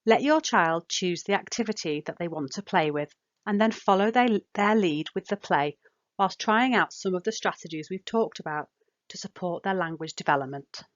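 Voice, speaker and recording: A woman calmly narrating practical guidance for parents as a speech and language therapist, in a measured, instructive way. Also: mid-range voice. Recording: dull, muffled voice-over.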